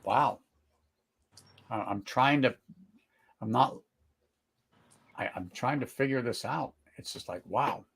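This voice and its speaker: A middle-aged man hosting a live whisky tasting, talking casually, searching for words, then bursting into excited exclamations. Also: medium pitch, slow, creaky, pauses often, breathy edge. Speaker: whisky tasting livestream host.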